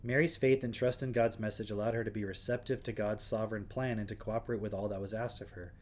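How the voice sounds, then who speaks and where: A man's voice: on the low side, fairly even intonation, fast talker. A man hosting a livestream, reading passages aloud and breaking off with wry, sarcastic questions in a casual chat style. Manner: wry, sarcastic asides between read passages. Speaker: livestream host.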